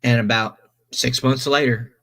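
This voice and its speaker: Slow, rambling male storyteller. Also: mid-range voice, fairly even intonation, bright, forceful tone. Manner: rambling, many restarts and self-corrections. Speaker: stream host telling a story. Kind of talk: casual storytelling.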